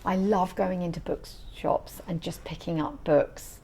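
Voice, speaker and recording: A middle-aged woman being interviewed as an author, telling stories in an animated, chatty way. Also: lowish voice, a little slow, slight background noise. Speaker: author guest. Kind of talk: casual interview chat.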